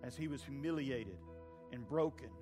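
Fervent male preacher with soft music. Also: mid-range voice, expressive, moderate pace. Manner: swings from hushed pleading to loud fervent peaks. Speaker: pastor. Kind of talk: sermon. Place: church sanctuary with a congregation.

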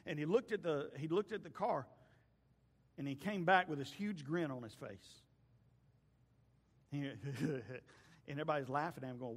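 High-voiced pastor in a hall. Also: male voice, moderate pace, long pauses, husky. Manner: folksy, storytelling, swings from loud to hushed. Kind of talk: sermon. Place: church sanctuary. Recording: long hall reverb.

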